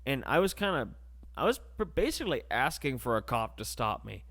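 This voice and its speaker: Animated young man telling crude stories. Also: mid-range voice, brisk. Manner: animated, crude, acts out voices. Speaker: podcast host. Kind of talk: comedic storytelling monologue.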